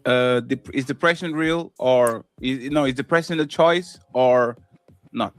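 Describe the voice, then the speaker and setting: Slow-talking male moderator. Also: medium pitch, faint music behind. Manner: unhurried, direct questions. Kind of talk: asking panel questions.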